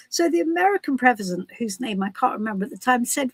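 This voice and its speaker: Woman, tarot live-stream host, giggly chatter, slightly raised pitch, dry close sound. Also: animated, fast talker, hardly any pauses, breathy edge, no room sound, low-quality recording. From United Kingdom. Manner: chatty and giggly, with many restarts. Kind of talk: casual live-stream chat.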